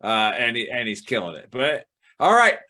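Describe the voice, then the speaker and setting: A man's voice: mid-range voice, very animated, normal speed, pushed and bright. A man hosting a casual sports betting podcast, talking in a rambling way and swearing casually. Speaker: show host.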